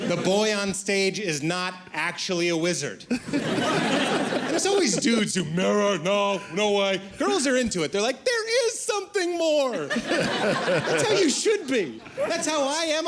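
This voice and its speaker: A man doing a stand-up comedy set, telling jokes in an animated way and jumping into high mock voices. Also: heavy background noise.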